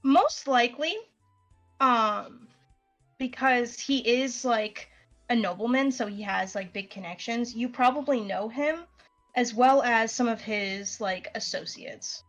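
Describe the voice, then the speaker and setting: A young woman running a tabletop game, talking slowly and haltingly through fillers. Her voice sits a little high and she laughs through her asides. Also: a bit bright, highs cut off, soft background music. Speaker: game master.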